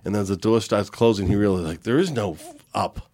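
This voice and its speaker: A deep-voiced man swapping stories on a podcast, loose and profane in his telling. His voice is very low in pitch and sits close and dry on the mic, with no room sound around it. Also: brisk, a little mellow, no echo. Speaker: podcast guest. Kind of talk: casual storytelling.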